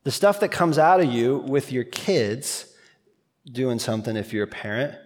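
A man preaching a sermon as pastor, talking in a conversational, animated way with quick asides. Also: medium pitch, in a large hall.

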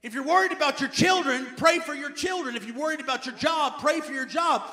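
A man preaching a sermon as pastor, emphatic, repeating key phrases and swinging between loud urging and quiet asides. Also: very high-pitched, brisk.

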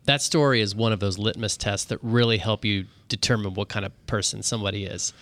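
A man's voice: on the low side, steady tone, a bit bright, dry recording. A man co-hosting a podcast, chatting casually and agreeably, restarting words as he tells a point. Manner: agreeable, quick restarts when telling. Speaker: podcast co-host. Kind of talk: casual chat.

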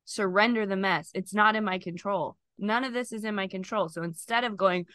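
A woman's voice: mid-range voice, brisk, hardly any pauses, a bit bright, smooth, no room sound. A woman podcast guest sharing an emotional personal testimony in an earnest, faith-filled way, close to tears.

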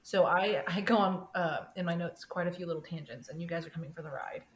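A woman's voice: fairly low pitch, fast, slight background noise. A woman co-hosting a podcast in casual chat, giggly and rambling off on tangents. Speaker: podcast co-host. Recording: roomy echo.

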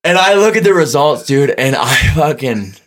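A man's voice: on the high side, animated, normal speed. A young man on a podcast telling casual, profane, joking stories about himself. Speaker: podcast co-host. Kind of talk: casual chat.

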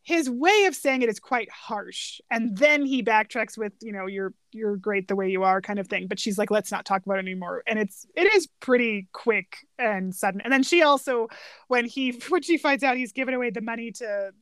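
A woman's voice: fairly high pitch, moderate pace, fairly bright tone, no room sound, clean studio sound. A woman co-hosting a casual film podcast, chatty and laughing often as she acts out quoted lines. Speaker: podcast co-host. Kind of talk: casual chat reviewing a film.

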